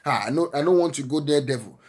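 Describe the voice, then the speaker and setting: High-leaning, fast and a bit mellow, his voice also carries some roughness. This Nigerian-accented vlogger from Nigeria speaks earnestly and off the cuff about faith and prayer to encourage listeners, repeating points and frequently tagging "eh?" onto his lines.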